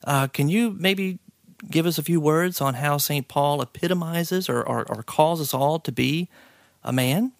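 A man hosting a podcast interview, who also teaches high school, talking in an earnest, halting way. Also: vocal fry, dry recording, clean studio sound. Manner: earnest, halting, easily impressed. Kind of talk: casual interview chat.

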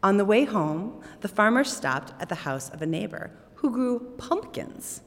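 A woman telling a storybook tale aloud, expressive and animated. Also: mid-range voice, a little slow. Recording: long hall reverb.

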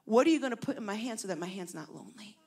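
A woman voicing a stern, corrupt male police officer who demands a bribe, speaking low and hushed. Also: expressive, very fast, close to an everyday voice. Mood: demanding.

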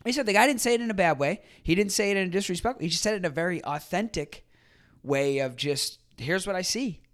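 Male podcast host, slightly higher pitch, loose conversational delivery full of fillers and restarts. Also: animated, fast talker, fairly bright tone. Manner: acts out quoted people in a livelier voice. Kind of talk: casual solo commentary.

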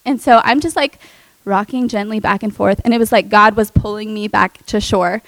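A young adult woman telling a personal testimony in an earnest, emotional way, with many fillers and soft laughs. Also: mid-range voice, fairly even intonation, moderate pace, no echo, rough recording. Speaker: speaker sharing a testimony.

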